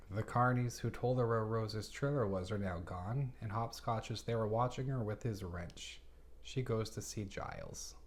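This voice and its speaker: A man's voice: fairly low pitch, darkish tone. A man giving a casual book review, recapping the plot with chatty, exasperated reactions.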